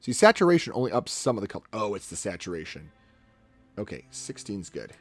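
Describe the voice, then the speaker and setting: A man talking casually on a live stream as he edits photos, narrating each step aloud in a chatty way. His pitch swings widely as he goes, with faint music playing behind him. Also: big pitch swings, fairly bright tone. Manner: chatty, talks himself through each step, quick laughs.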